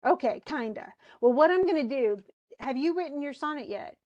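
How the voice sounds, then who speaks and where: A woman's voice: high-pitched, animated, normal speed, muffled recording. A woman teaching a live online class, chatty, explaining with asides and voicing what students might think, on a computer mic.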